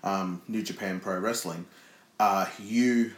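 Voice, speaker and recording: Low-voiced man in a roomy space. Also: steady tone, slow. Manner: rambling, restarts often, crude joking. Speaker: podcast co-host. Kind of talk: casual podcast chat. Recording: roomy echo.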